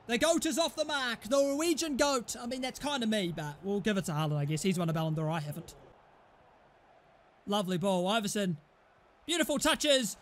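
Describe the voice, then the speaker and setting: A young man commentating his football video game match, excitable and often shouting and swearing at his teammates. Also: sits high, a little fast. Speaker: gaming YouTuber. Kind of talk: live gameplay commentary.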